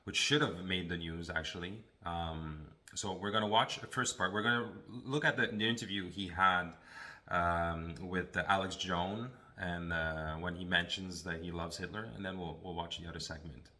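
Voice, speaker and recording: A man hosting a podcast, casually introducing clips and pausing often on fillers. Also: sits low, steady tone, sharp tone. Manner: hesitant, many fillers. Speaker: podcast host.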